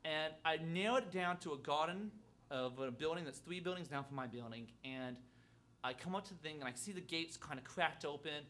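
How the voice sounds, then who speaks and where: A man telling a personal story on stage at a live storytelling event, halting and self-deprecating, with lots of fillers and restarts. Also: fairly high pitch, fairly bright tone.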